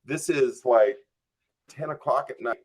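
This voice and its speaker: On a podcast, a male guest spins a long anecdote, unhurried and in a mid-range voice. He's animated, performing his own inner thoughts and leaning heavily on "like" and "I'm just like."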